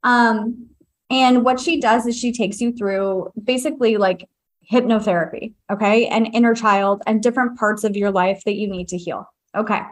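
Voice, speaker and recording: A woman's voice: on the high side, steady tone, normal speed. A young woman hosting a podcast, telling personal stories in a chatty, confiding way with many fillers and asides. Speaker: podcast host. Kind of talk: casual storytelling to live listeners.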